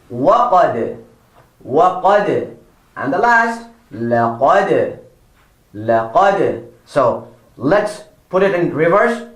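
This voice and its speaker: Patient male recitation teacher for kids, very slow, drawn-out example words, encouraging, echoey room. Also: on the high side, fairly bright tone. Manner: drawn-out model words, repeated corrections, encouraging praise. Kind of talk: slow, patient pronunciation lesson for children.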